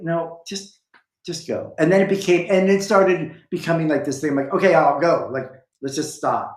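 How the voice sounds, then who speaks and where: A man telling a long story in a casual chat, rambling with restarts and acting out quoted lines with big jumps in pitch. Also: reverberant, low-quality recording. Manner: animated, acts out quoted lines with a jumping pitch.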